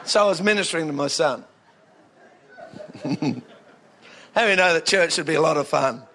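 Australian preacher with a high voice, working the congregation with lively comic stories. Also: male voice, normal speed, some chatter behind, slight background noise. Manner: animated, jokey, swings into bursts of excitement. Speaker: pastor. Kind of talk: humorous storytelling sermon.

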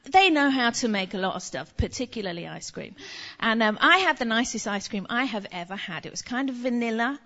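Animated English woman preaching chattily. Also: a little high, brisk, lo-fi sound. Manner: chatty, animated anecdote-telling. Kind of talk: conversational sermon with storytelling.

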